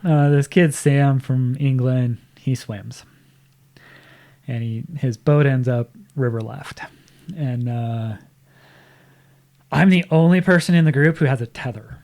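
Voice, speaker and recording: A man's voice: mid-range voice, slow, long pauses, a little mellow. A man talking as a podcast guest, telling a casual story, acting out what others said and laughing often.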